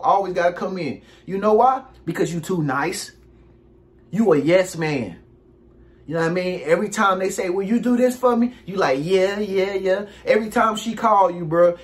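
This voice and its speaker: A man, giving casual relationship advice in an animated, preachy monologue. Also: high voice. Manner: animated, preachy, acts out quick impressions.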